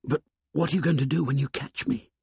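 A man's voice: on the high side, brisk, vocal fry, a little mellow, slightly rough, no room sound, clean studio sound, voice pushed up, full character voice. A man voicing a lonely hunted boy who talks in a thick, breathless, whispering way, in a storybook reading. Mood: desperate.

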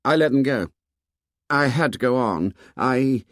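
A man voicing a hot-tempered boy hunter who talks in clipped, insistent bursts that flare into shouts. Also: mid-range voice, lively intonation, a little slow, no room sound, studio quality, voice pushed up, lightly acted. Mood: intense.

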